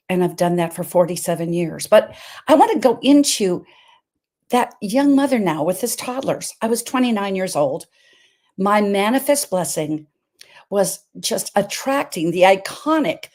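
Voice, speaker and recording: Slightly mellow in tone, a seventy-something woman from Montana leads a virtual health event with an inspiring, emphatic talk, repeating herself and letting her pitch and volume swing widely.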